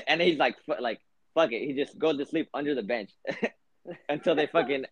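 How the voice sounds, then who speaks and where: A man's voice: a little high, normal speed, breathy edge, no echo. Rambling young man telling a podcast story. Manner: rambling, heavy "like" fillers, profane. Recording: dull lo-fi podcast audio.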